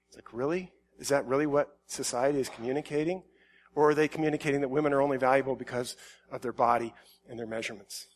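A man giving a conversational sermon, shifting from quiet reflective musing to loud emphatic outbursts. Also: mid-range voice, fairly even intonation, fast talker. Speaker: pastor.

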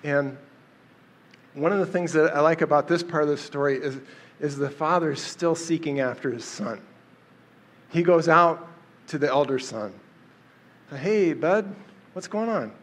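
A man's voice: a little high, normal speed, pauses often, a bit bright. A man teaching through a Bible passage in a casual, conversational way, with fillers and restarts. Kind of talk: casual Bible study talk.

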